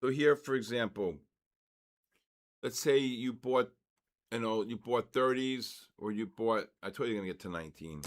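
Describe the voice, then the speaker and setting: An older man hosting a live trading stream, excitedly calling out price moves and giving quick trade advice. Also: mid-range voice. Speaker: trading livestream host. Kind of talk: live market commentary.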